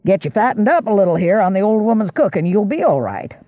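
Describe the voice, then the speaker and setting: A man voicing a gruff country squire. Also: high-pitched, very animated, fast, no echo, phone-quality sound. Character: older rural male squire, gruff and dry.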